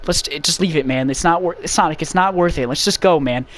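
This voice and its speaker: A man voicing a timid young male cartoon fox sidekick who pleads with his friend to calm down. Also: on the high side, a little fast, lightly acted. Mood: pleading. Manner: pleading, soothing.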